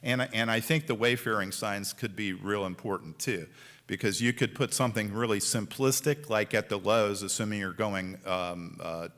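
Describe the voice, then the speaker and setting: A man's voice: lowish voice, moderate pace, a bit bright. A man chairing a city planning board meeting, talking casually and acting out what drivers might say. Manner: chatty, acts out quoted drivers. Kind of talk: public meeting discussion. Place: city council chamber.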